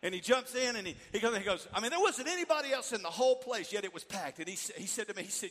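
A middle-aged man preaching a sermon, animated and swinging from loud to hushed. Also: sits high, fast, hardly any pauses. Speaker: pastor. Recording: echoey hall.

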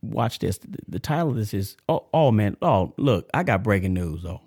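A man with a low voice talks like a preacher, his energy swinging from hushed and earnest to loud, laughing shout-outs. The sound is dry and close, with no room around it. He reads a testimony aloud in a steady sermon cadence. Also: moderate pace, breathy edge, no echo. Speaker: podcast host. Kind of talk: casual preaching and reading a letter.

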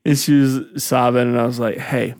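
A young man with a mid-range, gravelly voice cuts in with dry jokes. The recording is close and dead, with no room sound. His tone is casual and conversational. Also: medium pitch, little pitch movement, normal speed, darkish tone, dry recording. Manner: dry joking interjections. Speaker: podcast co-host. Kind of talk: casual chat.

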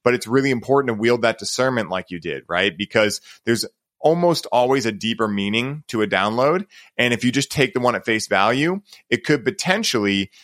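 A man's voice: medium pitch, lively intonation, a little fast, a bit bright, dry recording. A man hosting a podcast, telling stories in a rambling, casual way and leaning on filler words. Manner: rambling, heavy use of "like" and "right?". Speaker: podcast host.

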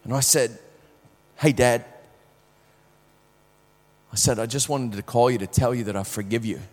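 A man preaching a sermon, telling a personal story with strong swings from hushed to loud, often repeating words as he starts sentences. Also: medium pitch, normal speed, long reverb tail.

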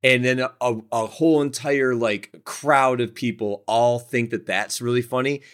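A man's voice: medium pitch, fairly even intonation, moderate pace, a bit bright, smooth. A man hosting a podcast in casual chat, thinking aloud and often stopping and restarting. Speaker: podcast host.

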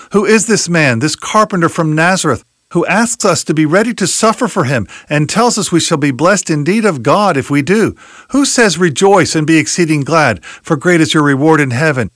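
A man preaching an expository sermon, emphatic, asking rhetorical questions and quoting scripture, slowing down to stress key words. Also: a little high, a bit bright, no echo, clean studio sound.

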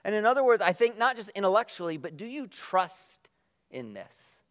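Male pastor, sermon delivery, slightly high voice, reflective, soft slow drops at phrase ends. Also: big pitch swings. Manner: reads scripture aloud with quiet emphasis.

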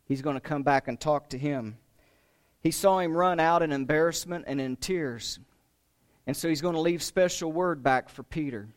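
A man preaching a sermon, retelling a story with emphatic rises and hushed drops. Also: a little high, moderate pace. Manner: emphatic, dramatic retelling with rising and falling intensity.

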